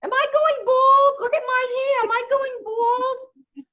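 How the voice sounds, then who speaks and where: Woman impersonating a brash New York woman, shrill, complaining, self-absorbed, very high, muffled lo-fi sound. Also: fairly even intonation, unhurried, bright, forceful tone, heavily acted.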